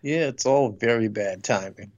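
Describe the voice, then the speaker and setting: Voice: mid-range voice, normal speed, a little mellow, highs cut off. A podcast co-host chatting casually about a cartoon, laid-back and swearing freely.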